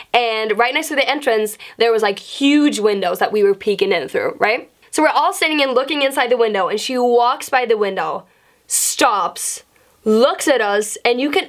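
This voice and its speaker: Chatty young woman, slightly high voice. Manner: chatty, profane, animated. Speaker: vlogger. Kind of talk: casual storytime.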